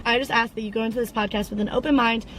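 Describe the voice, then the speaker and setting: A woman's voice: a little high, steady tone, very fast, a bit bright, a little hiss or hum, rough recording. A young woman of about twenty hosting her own podcast, in a casual, rambling chat full of tangents and fillers. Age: around 20. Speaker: podcast host.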